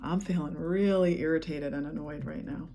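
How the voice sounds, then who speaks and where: A woman leading a guided EFT tapping session, speaking calm, repetitive affirmations. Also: sits low, normal speed.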